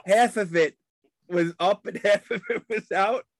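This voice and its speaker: A man's voice: high voice, a little slow, dry recording. A man in a casual chat, rambling through old stories and acting out what people said. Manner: rambling storyteller acting out quotes.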